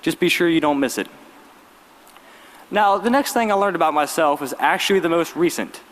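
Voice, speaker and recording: A young man, giving a graduation speech as valedictorian with lively storytelling and wry humor. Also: on the high side, normal speed, a little hiss or hum. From Virginia, US. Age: late teens. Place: large arena. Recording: long arena reverb.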